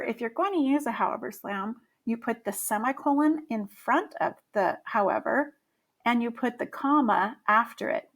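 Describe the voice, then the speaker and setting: A woman explaining grammar to middle schoolers in a friendly way, with frequent ums. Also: fairly high pitch. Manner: friendly and explanatory, with many fillers. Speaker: teacher. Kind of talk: grammar lesson.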